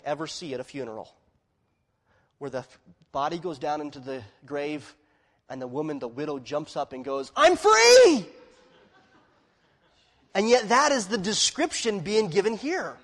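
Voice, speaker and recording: A man with a high, bright voice preaches a sermon with dramatic swings from hushed asides to loud declarations. His voice carries a long reverb, as if recorded in a large hall. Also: normal speed. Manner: dramatic, swings from quiet to shouting.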